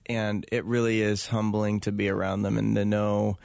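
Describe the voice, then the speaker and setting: A man's voice: lowish voice, little pitch movement, moderate pace, gravelly, a little mellow, no room sound. A man speaking as an interview guest, talking earnestly and reflectively with many fillers and restarts. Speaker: guest, touring event host. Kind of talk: casual interview conversation.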